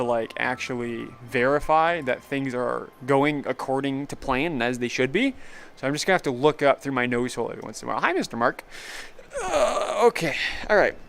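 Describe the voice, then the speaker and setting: A man's voice: mid-range voice, gravelly, a bit bright, slight background noise. A young man streaming a video game, rambling casually, laughing often and mocking himself. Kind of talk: casual gaming commentary.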